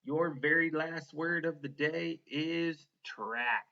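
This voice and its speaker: A man's voice: fairly high pitch, slow pace, bright, forceful tone, muffled recording. A man teaching a one-on-one spelling lesson, patiently sounding out words letter by letter and encouraging the student.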